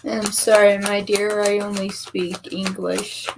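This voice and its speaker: A woman reads tarot for her live viewers in a slow, easygoing way. She chats casually and teases her audience. The recording carries a clear layer of noise behind her. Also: mid-range voice, level tone. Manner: chatty, teasing, laughs easily. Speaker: tarot reader on a livestream. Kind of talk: casual live-stream chat.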